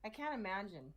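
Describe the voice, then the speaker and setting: A woman co-hosting a casual chat show, telling a story and laughing often. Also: mid-range voice. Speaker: podcast co-host.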